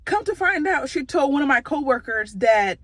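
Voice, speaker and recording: A young woman vlogger telling a storytime, animated and swearing freely, acting out quotes from her coworker. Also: high voice, moderate pace, no room sound. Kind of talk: storytime vlog, casual venting.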